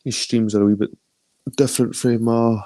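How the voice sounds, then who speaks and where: A man's voice: mid-range voice, little pitch movement, moderate pace, dark tone, dry recording. A middle-aged man with an Edinburgh Scottish accent chatting casually and profanely on a phone live stream, greeting viewers by name. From Scotland. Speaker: livestream host.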